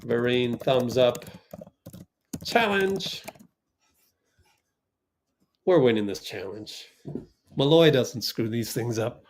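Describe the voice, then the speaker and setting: A man hosting a fan watch party stream, giving casual play-by-play, reacting loudly to plays and reading the chat aloud. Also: medium pitch, animated, slow, pauses often, slight background noise.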